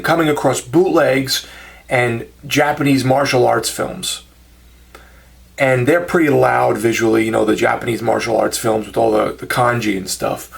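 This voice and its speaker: This man, a channel host, spins a casual monologue of comic stories at his own expense, laughing as he goes and voicing the dialogue of the people in them. He speaks at a medium pitch with a creaky quality.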